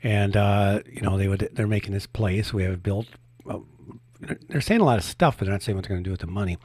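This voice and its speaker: A man with a low, husky voice talks through a casual political commentary show. He sounds skeptical and halting and often restarts his sentences. The sound is close and dry, with no room around it. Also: a little mellow, no room sound. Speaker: co-host.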